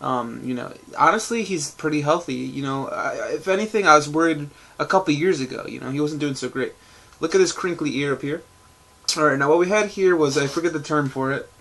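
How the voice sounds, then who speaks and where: Casual male vlogger, a bit high-pitched, loose and profane, talking to camera at home. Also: brisk, gravelly, fairly bright tone. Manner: rambling, loose and profane, many fillers. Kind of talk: casual rambling vlog. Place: at home indoors.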